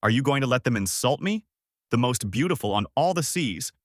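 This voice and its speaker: A man's voice: mid-range voice, expressive, fairly quick, no echo, studio quality, lightly acted. A man voicing a vain, hot-tempered female pirate captain with a haughty, shrieking manner. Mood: furious.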